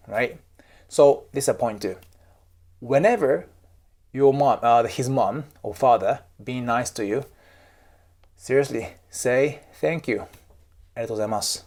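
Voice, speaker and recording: This YouTube host and cultural coach has a Japanese accent and a medium-pitched, darkish voice. He offers casual, chatty advice to camera with plenty of emphasis, frequently asking "right?" or "okay?".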